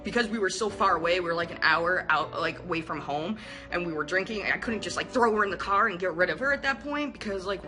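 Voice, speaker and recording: A young woman vlogger candidly retelling a personal story to camera, animated and profane, acting out what people said. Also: fairly low pitch, fast, over music.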